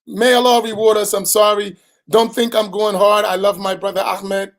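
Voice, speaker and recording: A man's voice: sits high, little pitch movement, moderate pace. A man, an imam teaching a religious lesson in a direct, admonishing way, often tagging "right?" onto his points.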